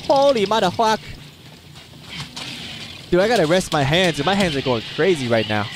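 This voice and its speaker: A man streaming a video game live, shouting excited curses and taunts at the enemies. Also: high-pitched, normal speed, background noise. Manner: loud excited cursing and taunting. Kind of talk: live gameplay commentary. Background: game music.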